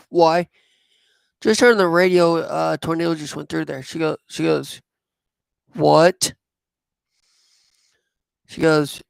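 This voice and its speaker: A man, telling a personal story in a rambling, halting way. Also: on the high side, creaky, clear, resonant tone, no room sound. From southwest Missouri. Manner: rambling, halting, with many fillers. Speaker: vlogger.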